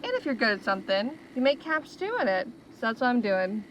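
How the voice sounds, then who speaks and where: A woman's voice: on the high side, sing-song, a little fast, lo-fi sound, a little hiss or hum. A woman voicing a playful young female tech trader in a video game, who builds robots and talks in a teasing, jokey way. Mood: chatty. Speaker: merchant. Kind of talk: video game character dialogue.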